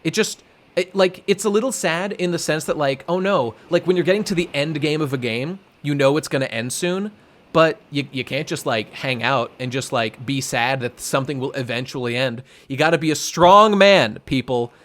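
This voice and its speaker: A young man co-hosting a podcast in casual chat, rambling excitedly with many fillers and some swearing. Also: mid-range voice, normal speed. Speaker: podcast co-host.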